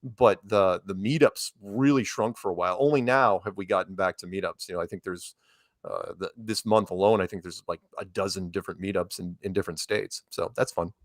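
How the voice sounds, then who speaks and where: A man's voice: sits low, fairly quick, no echo, clean studio sound. A man chatting as a guest over a call, rambling and quoting people as he tells a story. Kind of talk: casual chat.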